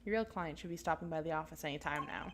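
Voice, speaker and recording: A woman's voice: low voice, quick pace, noisy background, pitched below the performer's own voice. A woman voicing a cheerful teenage girl who talks in a bubbly, chatty way.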